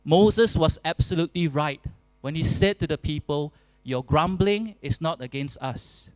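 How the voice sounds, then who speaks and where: Male pastor, earnest sermon delivery, unhurried and deliberate. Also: on the high side, no room sound, poor audio. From Singapore. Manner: earnest, deliberate preaching with emphatic repetition.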